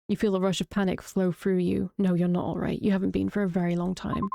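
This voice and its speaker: A woman reading a horror visual novel aloud, drawing out the grisly parts slowly with brief reactions. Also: lowish voice, level tone, vocal fry, mellow, no echo. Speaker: streamer reading a game aloud.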